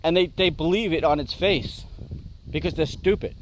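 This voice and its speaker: Male radio co-host, measured and agreeable, voice a touch higher than most men. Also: slight background noise. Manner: measured, agreeable, many short affirmations. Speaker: radio talk show co-host. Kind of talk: casual political talk radio chat.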